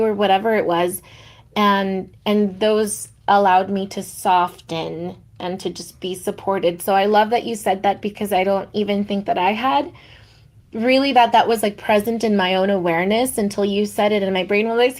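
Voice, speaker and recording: A woman co-hosting a podcast, sharing personal stories in a warm, reflective way. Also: mid-range voice, fairly even intonation, normal speed. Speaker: podcast co-host. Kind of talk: heartfelt podcast conversation.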